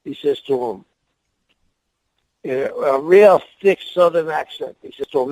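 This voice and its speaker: A man's voice: a little high, measured pace, pauses often, darkish tone, no echo, rough recording. An older man, a former wrestling manager, telling rambling anecdotes as a guest in a podcast interview. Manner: rambling anecdotes with laughs and restarts.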